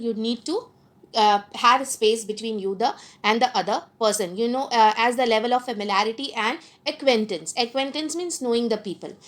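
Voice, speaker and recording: A teacher gives a recorded lecture, explaining her points slowly and repeating them with fillers. Her voice is a little high, with a fairly bright tone.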